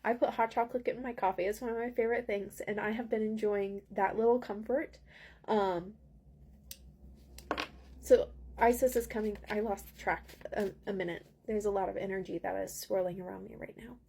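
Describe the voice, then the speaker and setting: Breathy woman giving a gentle tarot reading. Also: mid-range voice, fairly even intonation, normal speed. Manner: earnest, gentle, rambling with frequent ums. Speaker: spiritual mentor.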